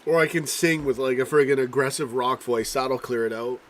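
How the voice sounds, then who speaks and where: A man hosting a casual live-stream football chat, rambling and swearing, reading out viewers' comments while he keeps coughing and clearing his throat. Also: mid-range voice, brisk, slight background noise. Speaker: livestream host.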